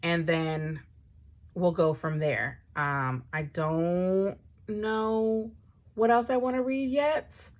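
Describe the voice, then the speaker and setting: A young woman chatting casually about books, dramatic and animated, swinging from low mumbles to high exclamations. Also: takes it slowly. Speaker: book vlogger. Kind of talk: casual chat.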